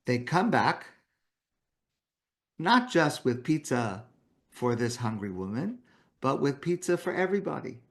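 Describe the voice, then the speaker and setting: A man's voice: medium pitch, very animated, a little slow, pauses often. A man giving a morning talk as a rabbi, telling a story in a conversational way. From Canada.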